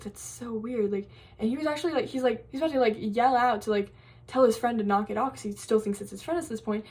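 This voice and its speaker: A woman's voice: fairly high pitch, dark tone. A young woman vlogging, casually telling a campfire-style scary story with lots of fillers and restarts. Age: young adult. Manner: rambling, many fillers and restarts.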